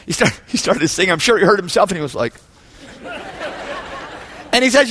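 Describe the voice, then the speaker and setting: A male pastor preaches in a church sanctuary, telling stories with lively swings between shouted peaks and hushed asides. His voice sits high and sounds bright and forceful. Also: brisk, long pauses, slightly rough. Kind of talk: sermon.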